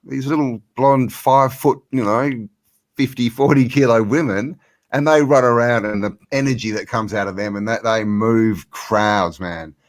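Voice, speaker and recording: A man's voice: mid-range voice, fairly even intonation, unhurried. A man hosting a casual livestream chat, rambling and emphatic, filling his talk with "you know". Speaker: host.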